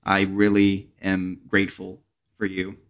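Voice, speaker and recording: A man hosting a casual podcast chat, talking in a warm, openly affectionate and encouraging way. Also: low-pitched, completely flat delivery, unhurried. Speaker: podcast host.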